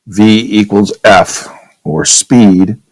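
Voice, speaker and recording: Male teacher, deep voice, relaxed classroom lecture style that keeps checking in with the class. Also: very slow, no echo, rough recording. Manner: casual, checks in with "okay?", demonstrates with his own voice.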